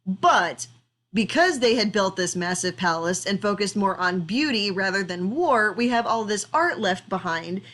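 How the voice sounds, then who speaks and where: A woman's voice: medium pitch, lively intonation, unhurried, a bit bright. Woman lecturer, mid-range voice, casual explanatory delivery with fillers, art history class recording. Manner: conversational, explanatory, with frequent fillers.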